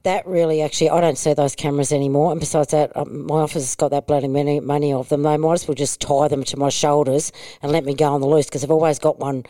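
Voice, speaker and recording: A woman's voice: deep voice, flat delivery, fast, hardly any pauses, dark tone, dry recording. An Australian woman, a politician guest, talking bluntly and earthily in a casual chat, laughing through her stories.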